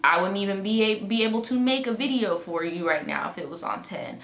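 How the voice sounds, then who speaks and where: In an indoor room at home, a young vlogger with a sore, swollen jaw retells an exasperating exchange, swearing and playing both sides of the dialogue with animation. Her mid-range voice is gravelly and brisk. The camera mic captures room echo and faint ambient noise.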